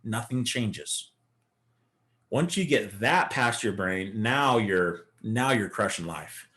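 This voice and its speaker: A man's voice: on the low side, animated, takes it slowly, a bit bright. A man teaching a live beginner day-trading lesson, coaching and talking through chart examples. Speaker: trading instructor.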